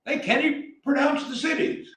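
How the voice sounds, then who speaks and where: A man's voice: very high voice, fairly even intonation, moderate pace. Man, Southern accent, blunt heated rant, echoey room, distant mic. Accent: Southern American. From American South. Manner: blunt and fired up, often shouting. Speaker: vlogger. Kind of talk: opinionated rant.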